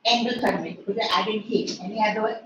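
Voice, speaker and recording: A woman's voice: mid-range voice, fairly even intonation, fast talker, muffled recording. A woman chemistry teacher with an Indian English accent, lecturing an online class in a strict, scolding way and firing questions at her students. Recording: echoey room, distant mic, faint noise.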